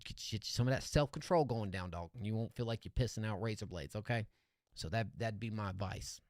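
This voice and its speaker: A man's voice: lowish voice, fairly quick, dry recording, clean studio sound. A man reacting to listener songs on a stream, talking in laid-back slangy banter and calling people dog. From California. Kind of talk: casual stream commentary.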